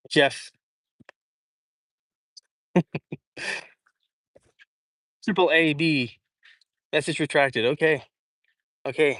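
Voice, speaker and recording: Young male streamer, slightly higher voice, chatty and filler-heavy, overheated on an outdoor walk, dry phone-mic sound. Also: a bit bright, no room sound. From Idaho. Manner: chatty, rambling, many fillers and restarts. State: hot and sweaty from walking. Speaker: livestream host answering chat. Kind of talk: casual walk-and-talk livestream. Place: outdoors in a large public park.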